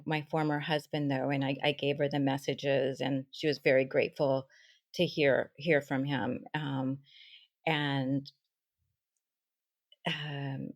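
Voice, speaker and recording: A woman with a low voice on a close, dry podcast mic. She tells a story with lively turns, dropping into soft asides and acting out the voices of the people she met. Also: no echo. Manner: animated storyteller, acts out quoted dialogue, soft asides. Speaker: spiritual teacher and medium, guest.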